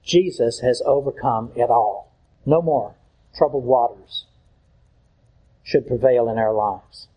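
A man's voice: medium pitch, takes it slowly, pauses often, slightly rough, lo-fi sound. A man preaching a sermon as pastor, earnest and pleading, often repeating his key lines for emphasis.

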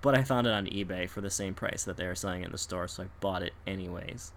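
A man's voice: deep voice, fast talker, a little hiss or hum. A man in casual chat telling a story with lots of energy, laughing and acting out the people in it. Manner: animated, laughs often, acts out people in quotes.

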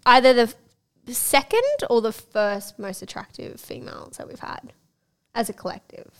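A woman's voice: fairly high pitch, a bit bright, clear, resonant tone. A woman co-hosting a podcast, chatting casually and laughing often as she retells stories with acted-out quotes. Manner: giggly, quick storyteller acting out quotes. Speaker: podcast co-host. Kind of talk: casual chat.

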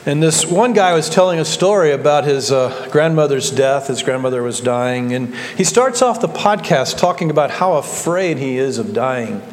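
A male pastor, preaching a sermon in a folksy storytelling way, slowing down for emphasis. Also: medium pitch, big-room sound.

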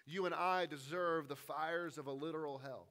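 Male pastor preaching, dynamic swings from quiet to loud, bright forceful tone, slightly high voice. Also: fairly even intonation, normal speed. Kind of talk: sermon.

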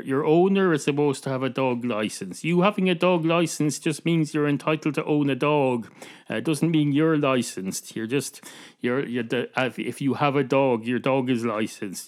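An Irish man hosting a podcast, telling a rambling comic story full of swearing and deadpan asides. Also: mid-range voice. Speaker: podcast host.

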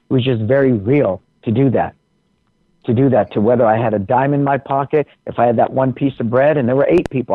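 A man's voice: medium pitch, no room sound. A man who teaches martial arts, a podcast guest, speaking passionately and with preachy emphasis. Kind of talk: casual conversation. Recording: tinny phone-like remote line.

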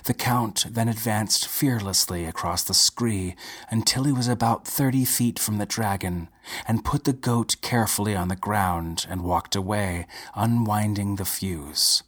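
A man reading a short story aloud in a measured, unhurried way. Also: lowish voice, a bit bright. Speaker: narrator.

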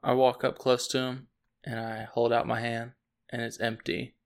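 A man playing a tabletop game, deadpan and teasing. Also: mid-range voice, normal speed, clear, resonant tone. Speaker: player. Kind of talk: casual tabletop game play.

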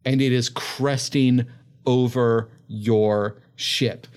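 A man acting as game master, setting scenes in vivid, drawn-out narration. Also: medium pitch, steady tone, darkish tone, smooth.

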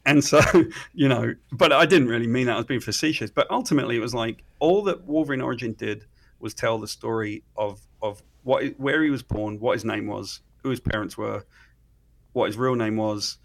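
British man, interview guest, animated storyteller, mid-range pitch. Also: a little fast, vocal fry. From Britain. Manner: animated storyteller, acts out quoted dialogue. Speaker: comic book writer guest. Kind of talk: casual interview anecdote.

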